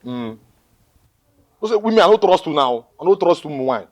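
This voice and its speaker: A man's voice: on the high side, big pitch swings, moderate pace. An actor with a Nigerian Pidgin accent playing a jealous, suspicious young man who pleads and repeats himself. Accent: Nigerian Pidgin English. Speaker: film character. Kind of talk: Nollywood film acting.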